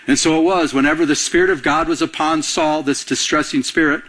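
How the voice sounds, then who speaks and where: A man, a pastor, preaching a sermon in a conversational, animated way that dramatizes scenes. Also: a little high, brisk.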